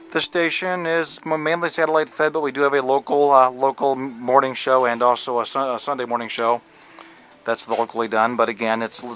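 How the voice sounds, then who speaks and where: Walking a handheld camera through the station's offices and studios indoors, the radio DJ keeps the tour loose and jokey, stumbling into fillers and restarts. His voice is mid-range and a bit bright.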